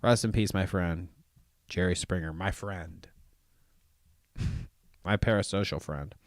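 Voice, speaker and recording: A man's voice: deep voice, unhurried, no echo, studio quality. A young man from Ohio hosting a casual livestream, reading viewer comments aloud with a sarcastic, joking manner and frequent laughs. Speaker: live show host reading chat.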